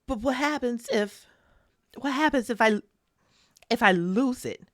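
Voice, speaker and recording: A woman's voice: a little high, measured pace, dry recording, clean studio sound, voice pushed up, lightly acted. A woman playing an anxious, earnest young student. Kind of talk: tabletop role-play.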